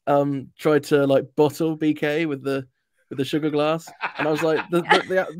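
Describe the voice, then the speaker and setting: A man's voice: on the high side, no echo. British male guest with dry humor. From Britain. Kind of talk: casual livestream chat.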